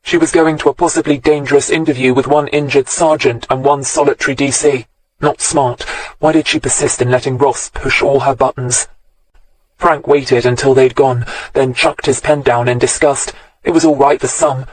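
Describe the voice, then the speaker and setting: A man narrating a crime novel audiobook in a steady, measured storytelling voice, recorded close to the mic. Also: medium pitch, low-quality recording.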